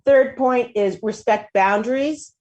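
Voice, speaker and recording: A woman hosting a talk show, giving casual advice in an animated way, often restarting sentences and acting out quotes in a higher voice. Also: measured pace, lo-fi sound.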